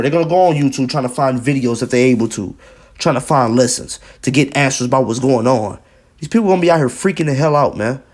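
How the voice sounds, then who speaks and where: Man, video preacher, emphatic, repetitive, reads scripture aloud, middling pitch. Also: a little mellow. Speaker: religious video commentator. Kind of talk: preaching commentary with scripture and news reading.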